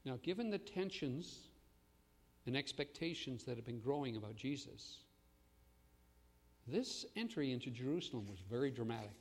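A man preaching a sermon as pastor, swinging between loud proclamation and hushed asides. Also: mid-range voice, sing-song, moderate pace, pauses often, in a large hall.

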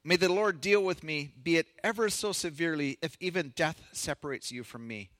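A pastor preaching a sermon, reading scripture in an earnest, measured way with touches of light humor. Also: male voice, fairly high pitch, fairly bright tone, dry recording.

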